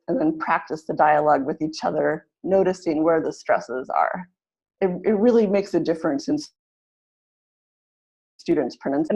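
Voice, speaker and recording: A woman's voice: fairly low pitch, a little mellow, rough recording. Woman giving a teaching webinar. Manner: slow, exaggerated modeling of example sentences; explanatory, practical teaching tone. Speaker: teacher trainer. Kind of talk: webinar presentation. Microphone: computer mic in an online webinar.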